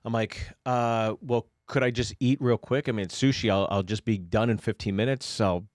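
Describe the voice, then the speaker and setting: A man's voice: fairly low pitch, fairly even intonation, normal speed, dry recording, clean studio sound. Blunt, profane man from Pittsburgh. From Pittsburgh, USA. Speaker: podcast co-host. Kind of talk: casual podcast chat.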